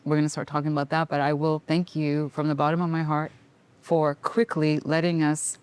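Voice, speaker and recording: Woman, host, smooth clear voice, encouraging, casual interview. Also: sits low, level tone, a little fast, no echo. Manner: warmly encouraging, frequent short affirmations. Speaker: podcast host. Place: restaurant.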